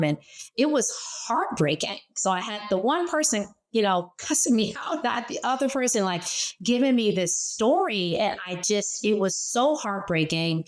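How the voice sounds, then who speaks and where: A middle-aged woman speaking as a guest in an interview, telling lively personal stories from her working life. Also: mid-range voice, moderate pace. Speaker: guest, former startup CEO. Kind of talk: conversational interview.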